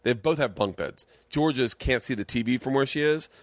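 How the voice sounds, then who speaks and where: A man's voice: medium pitch, brisk, no room sound. Host type: a man spinning rowdy, profane stories at home on a podcast mic, dry and close. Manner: profane, animated, laughing as he tells stories. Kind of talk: casual storytelling chat.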